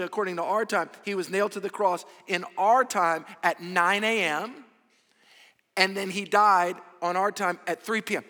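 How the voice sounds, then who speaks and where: A man preaching a sermon with emphatic, drawn-out phrases, swinging between loud and hushed. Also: high voice. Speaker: pastor. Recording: echoey hall with long reverb.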